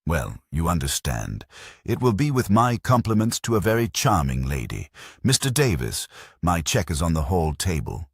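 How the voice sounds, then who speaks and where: A sly, oily old gentleman purrs flowery hints and favours, as a narrator puts him on. The voice rises high for him but keeps a husky, deep grain, recorded dry. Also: big pitch swings, normal speed, dry recording, exaggerated voice. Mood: conspiratorial. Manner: florid, whispering, conspiratorial. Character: sly foreign old man, theatrical and oily.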